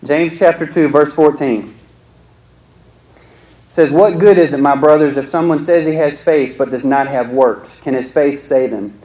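A man's voice: a little high, measured pace, mellow, reverberant, poor audio. A young man preaching a sermon in a joking, conversational way, often asking the crowd questions.

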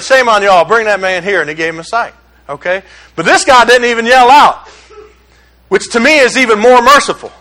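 A male preacher, delivering a sermon with call-and-response, rising to shouts and dropping to a hush. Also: high-pitched.

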